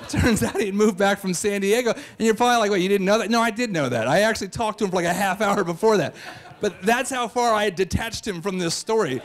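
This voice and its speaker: A man's voice: high voice, quick pace. A man telling a comic, self-mocking true story on stage to a live audience, in a brash, boastful way.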